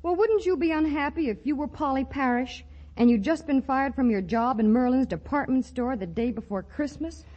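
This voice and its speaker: An actress playing a pert young shop clerk with a chirpy, quick-witted manner, in 1940s radio acting on a dull old broadcast recording. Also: female voice, high-pitched, darkish tone. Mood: banter.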